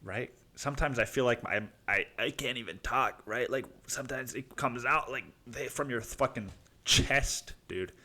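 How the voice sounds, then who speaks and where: A man's voice: medium pitch, normal speed, bright, forceful tone. A man from Mexico hosting a solo podcast, rambling casually, swearing a lot and calling the listener dude. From Cancun, Mexico. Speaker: podcast host.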